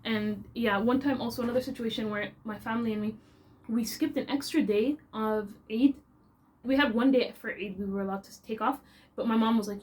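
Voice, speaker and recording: A young woman with a Canadian accent, chatting casually to her viewers. Her voice sits a little high and moves with expressive, animated energy. She tells her story in a relaxed, talkative flow. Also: fast. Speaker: vlogger.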